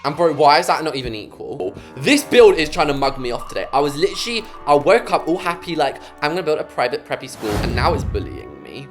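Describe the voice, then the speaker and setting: A young English man with a very lively, swooping voice, talking through a game build. He is chatty and playfully dramatic, cracking jokes as he goes, with faint music underneath. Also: medium pitch. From England. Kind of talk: casual gameplay commentary.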